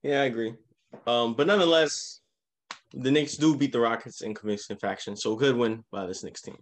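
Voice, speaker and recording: A man co-hosting a casual sports podcast, walking through game recaps with lively emphasis. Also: mid-range voice, brisk. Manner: animated, leads the game recaps. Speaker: podcast co-host.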